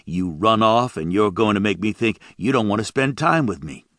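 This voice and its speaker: A man's voice: on the low side, animated, moderate pace, a bit bright, no echo, clean studio sound. A man doing a drawling, mocking thug. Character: drawling menacing young male drug dealer.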